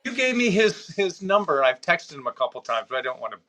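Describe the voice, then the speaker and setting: A man's voice: a little high, big pitch swings, quick pace, sharp tone. A man, a drummer and author, chatting as a guest and reminiscing in a rambling, enthusiastic way. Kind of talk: casual chat.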